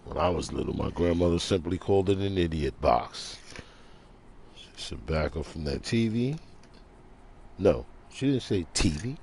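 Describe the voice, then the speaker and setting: A man ranting preachily in a casual monologue, talking low and quietly at home in the early morning. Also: creaky, a little hiss or hum. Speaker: vlogger.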